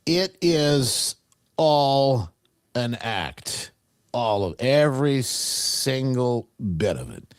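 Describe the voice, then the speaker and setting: Speaking slowly in a mid-range voice, a man hosting a talk show offers mocking, opinionated takes on politics. He's animated and keeps restarting his sentences, which trail off, and the recording is dry and studio quality.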